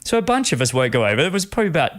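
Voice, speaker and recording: A man's voice: on the high side, racing. Enthusiastic Australian man hosting. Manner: enthusiastic, animated storytelling. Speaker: podcast host. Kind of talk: casual interview chat.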